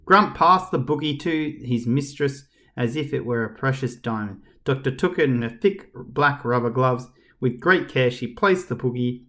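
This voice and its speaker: A man reading a children's book aloud as a storyteller, expressive and talking straight to the reader. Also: medium pitch. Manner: expressive, addresses the reader directly.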